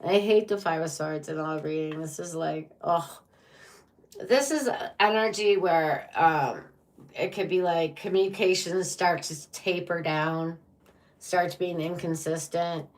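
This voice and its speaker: A woman's voice: fairly low pitch, unhurried. A woman giving a tarot reading to viewers, blunt and profane, with dramatic reactions to the cards. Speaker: tarot reader.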